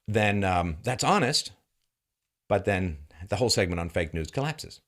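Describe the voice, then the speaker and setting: A man's voice: on the low side, sing-song, moderate pace. Guy ranting solo commentary, mocking and sarcastic, voice jumps up and down a lot. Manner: mocking, sarcastic, heated rhetorical questions. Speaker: commentary host. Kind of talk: political commentary monologue.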